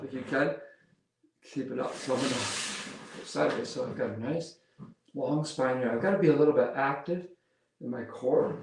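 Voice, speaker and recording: A man leading a yoga class, giving calm step-by-step cues while he demonstrates the poses and counts breaths. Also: medium pitch, gravelly. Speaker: yoga instructor. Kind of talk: guided yoga class instruction. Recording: roomy echo, mic far off.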